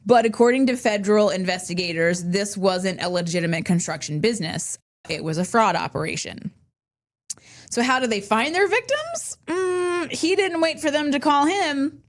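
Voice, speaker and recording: A woman co-hosting a podcast in casual chat, laughing often and swinging her pitch up high when animated. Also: normal speed. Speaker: podcast co-host.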